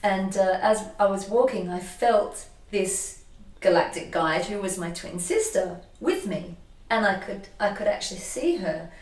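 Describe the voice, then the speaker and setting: A woman energy healer telling a personal story in an animated, emotional way, often restarting her sentences. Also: mid-range voice, unhurried. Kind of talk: casual conversation, personal storytelling. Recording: echoey room, voice from a distance.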